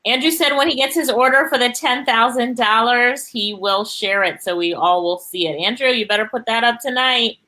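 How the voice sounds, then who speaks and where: Bright-voiced Jamaican woman hosting. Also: a little high, moderate pace, hardly any pauses, poor audio. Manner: lively, chatty, laughs often. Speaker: host. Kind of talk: live online interview, reading viewer comments.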